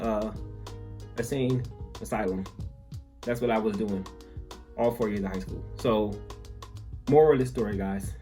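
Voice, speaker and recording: A young man telling a comic story from his school days, full of "like" and quick asides. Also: on the low side. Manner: animated, filler-heavy, lots of "like". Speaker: vlogger.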